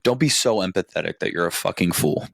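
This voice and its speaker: A man's voice: low-pitched, animated, quick pace, gravelly, dry recording. A man hosting a podcast, giving casual advice with lots of swearing and frequent "right?" check-ins. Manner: profane, conversational, keeps checking in with "right?". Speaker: podcast host.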